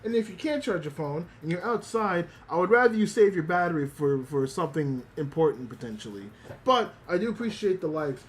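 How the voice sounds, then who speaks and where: Male streamer, casual chat, rambling, restarts, swears casually, fairly high voice. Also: lively intonation, a little fast. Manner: talks to chat directly. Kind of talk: casual livestream chat, retelling an anime episode.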